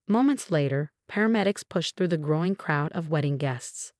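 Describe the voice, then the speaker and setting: Woman telling a dramatic personal story, low voice, dry close sound. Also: lively intonation, normal speed, hardly any pauses, a little mellow, no room sound. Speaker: narrator. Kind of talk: first-person story narration.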